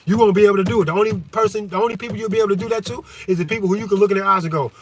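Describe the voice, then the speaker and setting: A high-pitched man holds a fervent, profane rant on a livestream. He stumbles through halting fillers, sinks into low musing and then bursts into loud shouting. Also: steady tone. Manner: heavy hesitation fillers.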